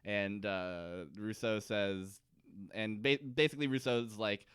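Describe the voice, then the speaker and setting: A man co-hosting a podcast, casually recapping a TV episode and acting out characters' lines in quick put-on voices. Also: on the low side, steady tone, a bit bright, clear, resonant tone, no room sound, studio quality. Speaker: podcast co-host.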